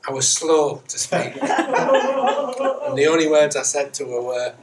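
A man's voice: medium pitch, steady tone, a little slow. A middle-aged man giving a Sunday sermon in church, chatty and self-mocking, with repeated rhetorical questions. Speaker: Methodist minister. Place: church sanctuary, indoors. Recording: distant church mic with faint hiss.

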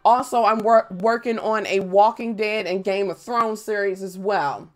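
This young woman streaming a game banters casually and profanely with viewers, bursting into loud squeals at greetings. Her medium-pitched voice is fairly even in intonation and a touch slow.

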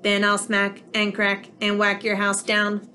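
A woman's voice: mid-range voice, monotone, a little slow, sharp tone, slight background noise. A woman voicing a big bad male robot in a children's storybook, chanting rhythmic sing-song threats. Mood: menacing.

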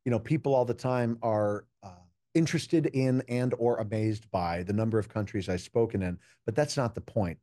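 A man's voice: mid-range voice, warm tone, no echo, studio quality. A man from the United States, a keynote speaker, talking in a casual interview and telling stories earnestly and reflectively. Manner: earnest, reflective storytelling with quoted dialogue. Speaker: keynote speaker and juggler, podcast guest.

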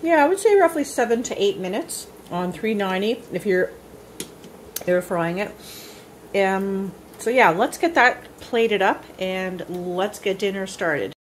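A woman's voice: medium pitch, lively intonation, measured pace. A woman talks her viewers through a casual home-cooked dinner, chatting as she cooks and then eating on camera. She is pleased with her own cooking and sometimes talks with her mouth full. Faint kitchen noise sits behind her voice. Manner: chatty, self-praising, eats on camera while talking.

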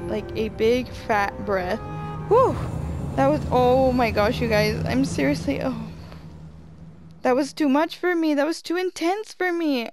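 Excitable young woman gaming commentary. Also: high voice, unhurried, faint music behind. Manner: excitable, gasping, repeats herself. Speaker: gaming streamer. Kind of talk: let's-play commentary.

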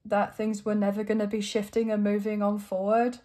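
Soft-toned woman giving an encouraging tarot reading. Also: medium pitch, completely flat delivery, brisk. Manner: warm, encouraging, emotional, gets choked up. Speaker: tarot reader.

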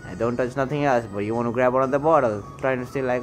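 A man's voice: medium pitch, fast talker, faint music behind. A store cashier, a man, narrating security footage with heated, indignant commentary and name-calling. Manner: indignant, heated, calls people names. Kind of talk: angry commentary over video.

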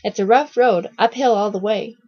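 A woman's voice: medium pitch, normal speed, husky, no echo, natural voice. A cheeky scheming boy, as a woman reads him. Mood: teasing. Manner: teasing, bargaining. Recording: dull lo-fi recording.

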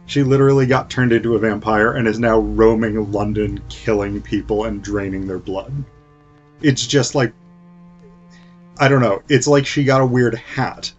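A man's voice: medium pitch, darkish tone, lo-fi sound. A man hosting a casual film review, retelling the plot in a sarcastic, jokey way with lots of fillers. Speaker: host.

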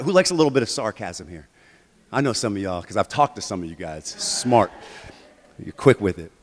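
A man preaching a sermon as pastor, animated, moving between quiet and loud passages. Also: fairly low pitch, long reverb tail. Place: church sanctuary.

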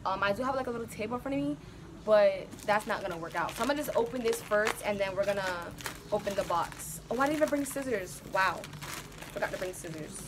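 A woman vlogging on her phone outdoors at home, chatty, excitable and full of slang. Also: medium pitch, fast. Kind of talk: casual vlog chat. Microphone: phone camera. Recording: clear outdoor background noise. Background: neighbors' music, outdoor ambience.

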